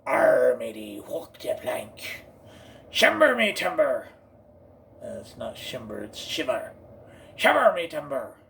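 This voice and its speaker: A man voicing a blustering pirate captain in a growling, drawn-out pirate manner. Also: medium pitch, wildly swooping pitch, vocal fry, fairly bright tone, recorded from a distance, slight background noise, full character voice.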